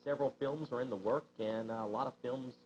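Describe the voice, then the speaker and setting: A man's voice: mid-range voice, fairly even intonation, fast, darkish tone, a little hiss or hum. A man co-hosting a shopping channel, reading viewer mail and chatting easily, with many fillers. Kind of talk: casual on-air chat. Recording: dull lo-fi TV broadcast audio.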